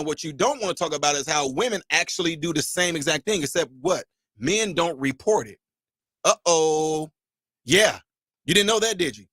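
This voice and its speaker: A middle-aged man hosting a call-in stream, talking in an animated, emphatic way. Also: on the high side, no echo, clean studio sound. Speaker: host taking callers. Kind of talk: livestream commentary.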